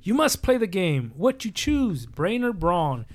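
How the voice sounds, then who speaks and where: A man reading a storybook aloud and voicing a huge, bossy male giant with a slow, booming manner. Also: very animated. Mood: bellowing.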